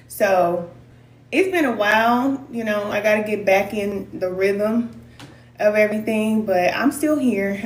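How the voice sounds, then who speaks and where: A woman's voice: medium pitch, far from the mic. A woman with a Kansas City accent, a spiritual reader chatting casually and playfully on a livestream, greeting viewers as cousins and laughing often. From Kansas City, USA. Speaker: spiritual reader and live streamer. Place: indoor room, moving around the camera. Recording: roomy echo, off-mic, faint room noise.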